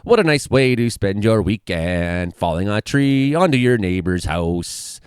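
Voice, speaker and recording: A man's voice: lowish voice, animated, a little slow, smooth, dry recording, clean studio sound. A Canadian man giving casual, sarcastic running commentary on videos, often laughing as he reacts.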